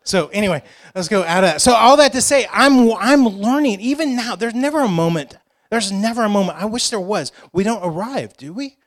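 A man preaching with a fairly high, light voice. He talks to his congregation casually and throws in joking asides. He drives his points home by repeating short phrases. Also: expressive, fairly quick. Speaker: pastor. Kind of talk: sermon.

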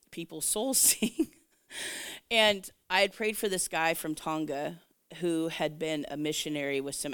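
A woman, a Christian minister, telling a personal testimony in a casual, animated way, laughing often and acting out what people said. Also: deep voice, vocal fry, smooth, no echo, studio quality. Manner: animated, laughing, acts out quoted voices.

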